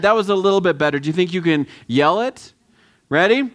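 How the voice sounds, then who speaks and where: A man giving a lively children's sermon, coaxing the kids to answer and join in. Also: high-pitched, brisk. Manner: lively, coaxing, quotes film lines with voices. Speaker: children's pastor.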